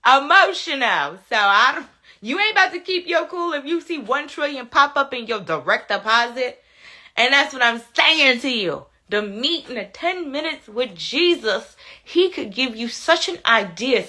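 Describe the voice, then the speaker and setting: A woman's voice: on the high side, pushed and bright. A woman hosting a casual live chat, reading viewer comments aloud, laughing and talking back to them. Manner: chatty, laughs often, talks back to commenters.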